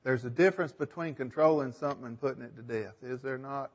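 A man's voice: medium pitch, fast, highs cut off. A man leading a group Bible discussion, thinking aloud and asking the group questions. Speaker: Bible study leader.

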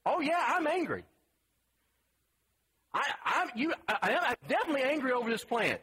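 A man's voice: extremely high pitch, sing-song, normal speed, bright, forceful tone, slightly rough, pitched above the performer's own voice, full character voice. A man preacher acting out a sulking, melodramatic grown man prophet who whines and stammers. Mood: petulant. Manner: whiny, stammering, overwrought.

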